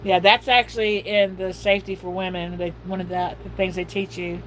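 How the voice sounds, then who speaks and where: A woman's voice: on the low side, level tone, fairly quick, fairly bright tone, a little hiss or hum, rough recording. Chatty folksy middle-aged woman. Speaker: livestream host. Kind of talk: casual livestream chat.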